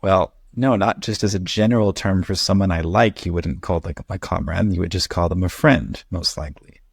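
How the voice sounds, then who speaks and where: A man's voice: deep voice, moderate pace, creaky, slightly rough, no room sound. A man teaching English one-on-one at home, explaining patiently with a dry, teasing humor. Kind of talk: one-on-one conversation lesson.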